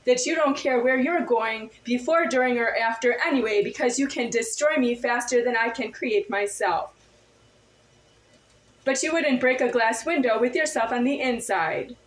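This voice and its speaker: A woman's voice: on the high side, normal speed, roomy sound, poor audio. A woman in a confrontational monologue to camera, firing off insistent, repetitive rhetorical questions.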